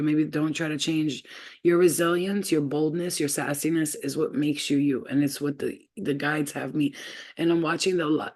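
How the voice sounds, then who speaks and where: A woman's voice: low-pitched, a little mellow. A woman reads spiritual messages on a casual livestream. She rambles from thought to thought in a loose, unscripted way. Her talk is full of fillers and trailing asides. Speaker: spiritual reader.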